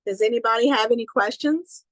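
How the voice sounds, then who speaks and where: A woman with a fairly high pitch and a Southern accent talks fairly quickly as a business trainer, guiding a group on social media posts over an online call. Her cheerful, folksy encouragement is peppered with "you know" and easy peasy lines; the audio is poor, dry and close, with no room sound.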